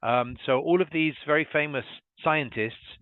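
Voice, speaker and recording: A British English teacher, a man, explaining pronunciation slowly and carefully over a video call. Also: fairly high pitch, smooth, dry recording. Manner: slow, careful demonstration of each word. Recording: thin phone-like call audio.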